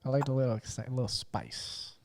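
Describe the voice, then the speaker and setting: Chill guy on a podcast, mid pitch, laughs a lot, mumbles quiet asides. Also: big pitch swings, brisk, vocal fry. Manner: laid-back, laughs often, drops into mumbled asides. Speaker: podcast co-host. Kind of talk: casual chat.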